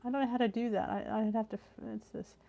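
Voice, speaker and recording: A woman's voice: fairly high pitch, fairly even intonation, quick pace, creaky, highs cut off. A chatty middle-aged woman hosting a live cooking stream from home over a video call. She reads viewer comments aloud, gasps and trails off mid-thought, and sounds tired and yawny from the heat. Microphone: computer on a video call.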